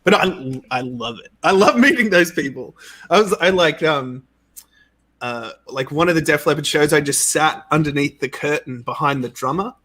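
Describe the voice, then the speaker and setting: Guy w a slightly high voice telling stories on a podcast, laughing a lot, says like constantly. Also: moderate pace. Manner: animated, laughing, lots of "like". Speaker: game creator, interview guest. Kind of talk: casual storytelling.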